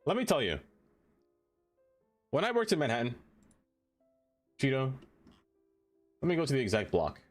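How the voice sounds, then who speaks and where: A man's voice: medium pitch, wildly swooping pitch, moderate pace, pauses often. A young man chatting casually on a live stream as he plays a city-building game. He talks to the things he builds and laughs often. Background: faint music.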